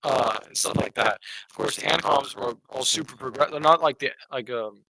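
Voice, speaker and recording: A man's voice: mid-range voice, fairly quick, creaky, background noise. A young man, a student and podcast cohost, chatting casually and telling a story about a class. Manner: chatty, animated, laughs at the host.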